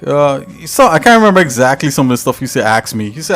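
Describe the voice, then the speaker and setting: A man's voice: medium pitch, lively intonation, quick pace, few pauses, a bit bright. An American man hosts a live stream and talks casually with his viewers. He rambles and leans on filler words. Faint music runs behind him. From United States. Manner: rambling, talkative, filler-heavy.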